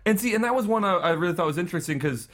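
A man co-hosting a podcast in casual chat, excitable and jokey, laughing often. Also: high voice, racing. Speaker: podcast co-host.

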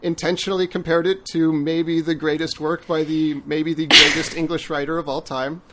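A man co-hosting a podcast in casual chat, measured and dry, with deliberate delivery. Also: on the high side, flat delivery, very noisy. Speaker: podcast co-host.

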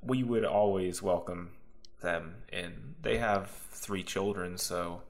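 A man's voice: low voice, slow pace. A man playing a nervous small-town dad. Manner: rambling, nervous. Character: worried small-town husband and father.

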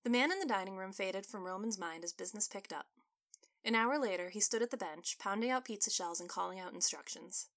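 A woman author narrating her own story in an even, scripted way. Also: mid-range voice, brisk.

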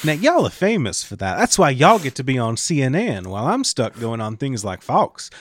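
A man's voice: mid-range voice, wildly swooping pitch, normal speed, no room sound. A man voicing a folksy, self-important Southern country lawyer with a put-on twang.

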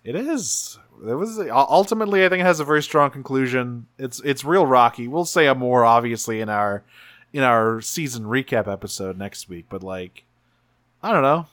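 A man's voice: medium pitch, expressive, moderate pace, fairly bright tone, no echo. Dry-voiced man in casual podcast chat. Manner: rambling, many restarts and fillers. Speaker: podcast co-host recapping a cartoon series.

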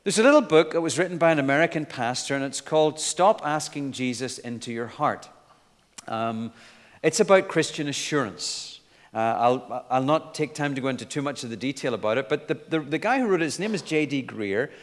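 A man's voice: medium pitch, animated, a little fast, in a large hall. A man preaching a sermon in an earnest, emphatic way, with light asides.

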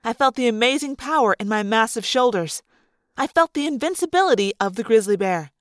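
Expressive high-voiced woman reading aloud. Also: brisk, dry recording, studio quality. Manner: expressive storytelling. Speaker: audiobook reader. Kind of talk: first-person audiobook narration.

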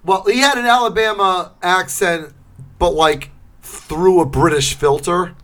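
A middle-aged man co-hosting a podcast, chatting casually and acting out scenes in loud, shouted bursts. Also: high voice, unhurried. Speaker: podcast co-host. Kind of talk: casual chat.

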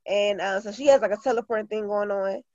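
A woman's voice: mid-range voice, fairly even intonation, quick pace, darkish tone, dry recording, highs cut off. A woman teacher and author talking earnestly in an interview, with many fillers and restarts. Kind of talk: casual interview talk.

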